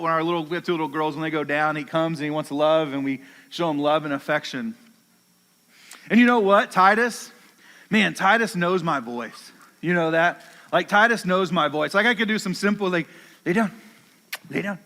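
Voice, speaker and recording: Man speaking casual youth preacher, high bright voice. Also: long reverb tail. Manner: casual, chatty preaching with many fillers; talks to his dog in low soft commands. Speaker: youth pastor. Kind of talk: sermon.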